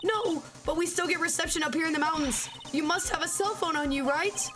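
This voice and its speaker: A bossy young woman in a game who snaps out impatient orders, in a high voice. Game music runs clearly underneath. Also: fairly quick.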